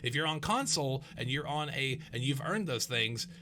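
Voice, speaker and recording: A man's voice: mid-range voice, lively intonation, normal speed, background noise. A man co-hosting a podcast, chatting casually about video games, rambling with restarts and swearing into a home desk mic. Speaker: podcast co-host. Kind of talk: casual gaming chat. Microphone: home desk mic with noise gate.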